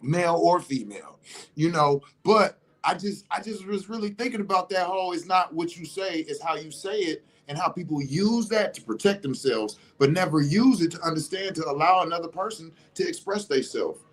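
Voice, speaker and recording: A man talking in a casual livestream monologue, animated and emphatic, swearing freely. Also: fairly high pitch, moderate pace. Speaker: vlogger.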